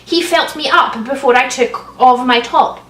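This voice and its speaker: A woman's voice: sits high, unhurried, fairly bright tone. A young woman reading bad fanfiction aloud and breaking off for sarcastic, swearing asides. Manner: sarcastic, swears, bursts into laughter. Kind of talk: comic dramatic reading with mocking asides. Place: room at home. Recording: roomy sound, slightly distant mic.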